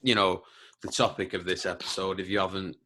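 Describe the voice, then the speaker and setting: A man's voice: low-pitched, a little fast, background noise. A man hosting a casual podcast chat, friendly and laughing along with his guest. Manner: friendly, laughs along, excited about football. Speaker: podcast host.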